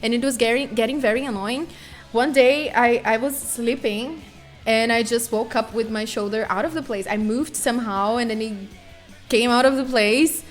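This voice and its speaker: Animated woman streamer. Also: on the high side, moderate pace, faint music behind. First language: Portuguese. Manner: animated, swears freely, acts out sounds and screams. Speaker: live streamer. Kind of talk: casual storytelling to chat.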